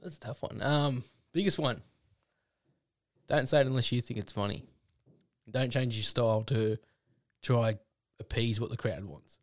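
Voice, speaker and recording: A man's voice: medium pitch, moderate pace, long pauses, dry recording. A man, a comedian guest chatting casually, laughing often, swearing and retelling jokes in voices. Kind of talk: casual chat.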